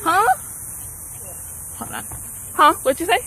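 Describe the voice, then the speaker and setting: A woman vlogging on a handheld camera at an outdoor park, chatting in a slangy, excitable way. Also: very high-pitched, takes it slowly. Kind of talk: casual vlog chat. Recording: outdoor noise behind.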